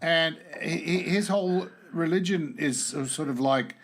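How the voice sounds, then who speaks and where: A man chats as a podcast host, his voice sitting a little higher than most men's. He muses his way through points and stops often to restart his sentences. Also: fairly bright tone. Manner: musing, halting, many fillers. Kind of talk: casual political chat.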